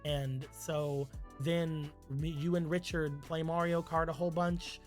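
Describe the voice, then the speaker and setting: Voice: medium pitch, flat delivery, unhurried, a little mellow, faint music behind. A streamer casually telling a rambling, crude made-up story on a live stream, with many "like"s.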